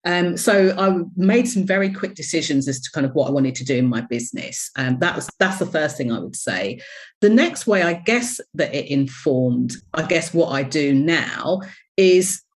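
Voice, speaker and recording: A woman with a fairly low voice tells her story as an interview guest. She speaks candidly and expressively. Her tone is reflective. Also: expressive, moderate pace. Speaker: interview guest, business coach.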